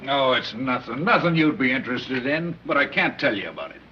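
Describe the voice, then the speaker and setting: An actor playing a smooth-talking gangster who bargains in slang in an old film. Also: male voice, medium pitch, animated, slight background noise, close to an everyday voice. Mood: bargaining. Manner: fast-talking, persuasive slang. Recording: dull muffled 1930s film soundtrack.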